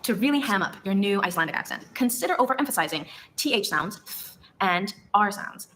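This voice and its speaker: Deadpan fast-talking comedic woman narrator. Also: mid-range voice, slight background noise, poor audio.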